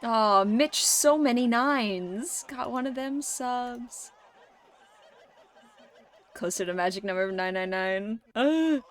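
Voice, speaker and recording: A woman hosting a livestream, chatting casually with viewers, laughing often and swearing freely in animated reactions. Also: fairly high pitch, slow, a little hiss or hum. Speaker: livestream host.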